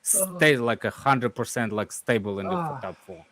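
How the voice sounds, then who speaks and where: A man's voice: medium pitch, sing-song, moderate pace. Hesitant man over a crowd. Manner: hesitant, repetitive jabs. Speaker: guest football fan. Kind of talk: casual banter.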